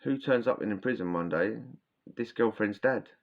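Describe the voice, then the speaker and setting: Low-voiced man telling prison stories. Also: moderate pace. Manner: rambling, slangy, restarts often. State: sore throat, coughing. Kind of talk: casual storytelling. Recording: dull lo-fi sound.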